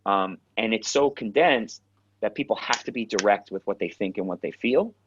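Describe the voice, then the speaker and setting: A man with a New York accent speaks in a fairly low voice, blunt and animated as he tells stories in a casual interview. He swears freely and gets straight to the point. The recording is dull and lo-fi. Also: moderate pace, a little hiss or hum. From Queens, New York. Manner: direct, animated storyteller who swears. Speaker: actor, guest. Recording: dull lo-fi sound.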